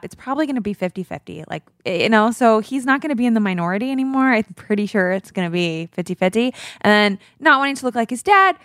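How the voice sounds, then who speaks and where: A woman's voice: fairly high pitch, expressive, quick pace, few pauses, a bit bright, no echo, studio quality. A woman in her thirties co-hosting a podcast, chatting casually and laughing often as she tells stories. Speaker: podcast co-host. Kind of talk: casual chat.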